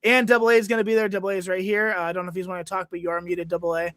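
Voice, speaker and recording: A sleep-deprived man in his thirties hosting a podcast, talking in an earnest, grateful way with plenty of fillers. His voice sits high and bright. It is recorded dry, with no room sound. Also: flat delivery, rapid-fire, dry recording. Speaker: podcast host. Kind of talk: casual podcast chat.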